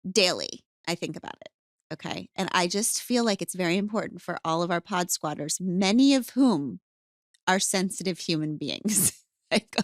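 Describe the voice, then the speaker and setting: A woman hosting a podcast in casual chat, animated and playful, acting out her stories. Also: fairly low pitch, no room sound, studio quality. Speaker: podcast host.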